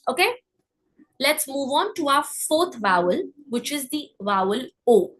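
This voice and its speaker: A woman teaching French pronunciation, saying example words slowly so learners can repeat after her. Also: high-pitched, animated, fairly bright tone, low-quality recording. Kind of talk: pronunciation lesson.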